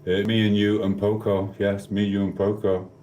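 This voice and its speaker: A man's voice: lowish voice, flat delivery, moderate pace, mellow. A man with a South Yorkshire accent, chatting casually on a live stream, rambling and cheekily bantering with viewers' comments. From South Yorkshire, England. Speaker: livestreamer. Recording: echoey room.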